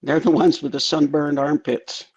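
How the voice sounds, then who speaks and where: A man co-hosting a casual chat, telling jokes with halting starts. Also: on the high side, flat delivery, a little mellow, slightly rough, lo-fi sound.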